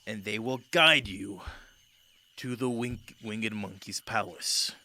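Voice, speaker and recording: A man voicing a weary male lion king who speaks slowly and gravely. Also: on the low side, pushed and bright, slight background noise, heavily acted. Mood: stern. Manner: slow, sighing and grave.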